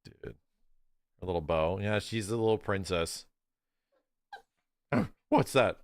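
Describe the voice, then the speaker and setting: A man chatting casually to his live-stream audience, excitable and quick to laugh. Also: deep voice, clear, resonant tone. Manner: excitable, talks to his chat, laughs easily.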